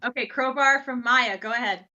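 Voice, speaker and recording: A woman's voice: fairly high pitch, moderate pace, bright, forceful tone, lo-fi sound, a little hiss or hum. A woman narrating a tabletop horror game as game master, describing the action and calling for dice rolls.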